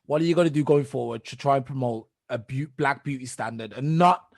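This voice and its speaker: A man's voice: medium pitch, a little fast, vocal fry, dry recording, clean studio sound. A man co-hosting a podcast, pushy and insistent in casual chat. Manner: pushy, keeps saying "trust me" and "listen". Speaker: podcast co-host.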